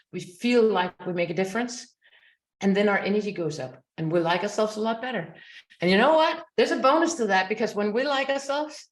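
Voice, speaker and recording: A woman coach speaks to an audience about her own journey, earnest and personal. She brings quoted lines to life as she tells her story. Her mid-range voice rings with a roomy echo. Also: mid-range voice. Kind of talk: motivational talk.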